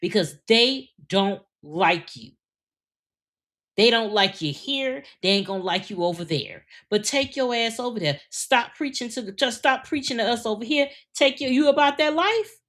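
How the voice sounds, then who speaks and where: A woman's voice: on the high side, expressive, normal speed, a bit bright. Blunt scolding woman co-host. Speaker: podcast co-host. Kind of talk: casual political commentary.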